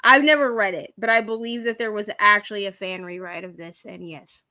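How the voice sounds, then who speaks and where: A woman's voice: mid-range voice, steady tone, brisk, pushed and bright, dry recording. A woman co-hosting a reading livestream, chatting casually and giving blunt opinions. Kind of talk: casual chat.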